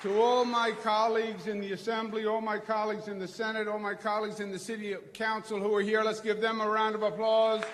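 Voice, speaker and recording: A man's voice: high voice, level tone, brisk, few pauses, noisy background. Rousing Queens-accented man in a hall. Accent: Queens New York. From New York. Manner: rousing, crowd-working, folksy. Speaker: governor giving a speech. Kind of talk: political rally speech. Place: large hall before a crowd. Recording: long hall reverb.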